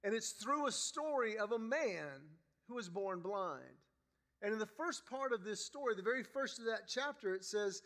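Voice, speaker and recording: A man preaching a sermon in a church, telling a story with lively acted-out dialogue. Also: high voice, normal speed. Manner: animated storyteller acting out dialogue. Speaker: guest preacher.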